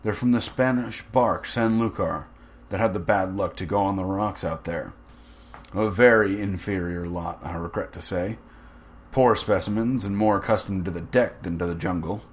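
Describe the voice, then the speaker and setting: A man voicing a suave, cruel aristocratic general with smooth, mocking menace. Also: deep voice, normal speed, lightly acted.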